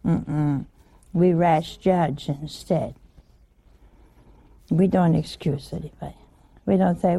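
Slow, gravelly-voiced older woman preaching. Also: deep voice, fairly even intonation, dark tone. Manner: chatty, asks the listeners questions, laughs often. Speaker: religious teacher. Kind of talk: informal sermon.

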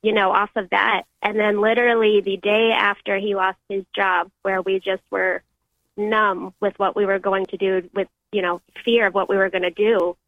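A young woman caller telling a personal faith story on a call-in show, earnest and halting. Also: mid-range voice, little pitch movement, no echo. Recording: tinny phone line.

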